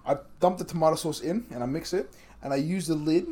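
A man co-hosting a podcast in loose, rambling chat. He has a light Australian accent and a voice that sits a little higher than most men's. He swears freely and breaks into laughter often. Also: quick pace, dark tone. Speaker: podcast co-host. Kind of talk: casual chat.

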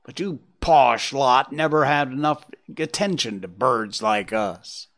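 A man voicing a bitter, loud female crow in a storybook reading, scolding the other animals. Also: mid-range voice, a little slow.

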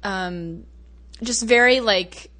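A woman's voice: medium pitch, extremely slow, sharp tone. Supportive woman hosting a podcast. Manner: supportive, thinks aloud with fillers. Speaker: podcast host. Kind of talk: casual podcast chat.

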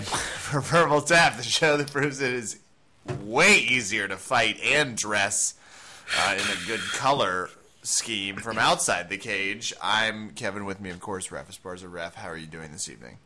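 Bright-toned male podcast host. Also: on the low side, animated, unhurried, slight background noise. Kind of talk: casual podcast banter.

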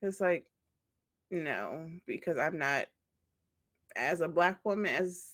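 Woman podcast co-host, casual and animated, laughs a lot, mimics others. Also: sits low, slow. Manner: animated, laughs often, acts out quoted voices. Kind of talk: casual chat.

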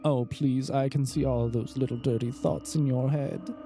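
A man's voice: medium pitch, fairly even intonation, normal speed, background noise, lightly acted. A man voicing a tall, elegant and mocking female demon in a tabletop game, drawing out his words. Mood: teasing.

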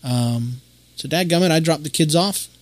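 A man's voice: on the high side, normal speed, no room sound. Folksy rambling man, dry close mic. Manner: rambling, folksy, with lots of fillers and restarts. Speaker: podcast host. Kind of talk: casual storytelling monologue.

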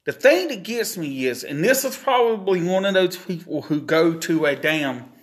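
A man hosting a solo podcast, talking slowly and earnestly, his words slurred by a facial palsy. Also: a little high, animated. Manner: slow, deliberate, earnest. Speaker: podcast host.

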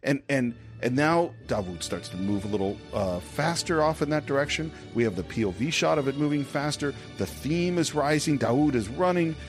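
A man's voice: mid-range voice, lively intonation, normal speed, few pauses, soft background music. A man hosting a film podcast, retelling scenes step by step with enthusiasm. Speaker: podcast host.

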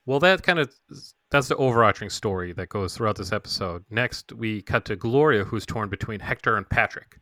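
Low bright-toned young man co-host. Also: lively intonation, fairly quick, few pauses, no echo. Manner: teasing, many "uh" fillers when reading notes. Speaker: podcast co-host. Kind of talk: casual chat, recapping an episode.

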